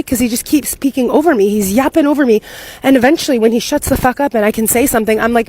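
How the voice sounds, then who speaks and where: A young American woman rattles through a personal story at a brisk clip. Her voice sits a little high and she talks in a chatty, animated way, swearing without a second thought. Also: no echo. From United States. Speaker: content creator living abroad. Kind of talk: casual storytelling to camera.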